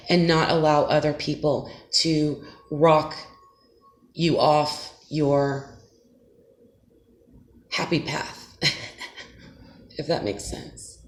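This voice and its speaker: Low-voiced lady doing a soothing tarot reading, lots of "um" and "okay?", echoey room with faint hiss. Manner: gentle, soothing, with frequent fillers and "okay?". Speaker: tarot reader. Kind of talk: casual tarot reading to camera.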